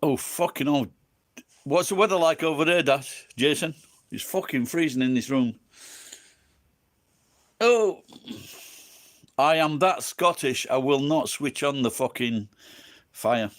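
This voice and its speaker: A man's voice: medium pitch, normal speed. An English man with an English accent, tipsy and rambling, swearing constantly as he chats with viewers on a livestream. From England. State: tipsy from drinking. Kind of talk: rambling casual chat.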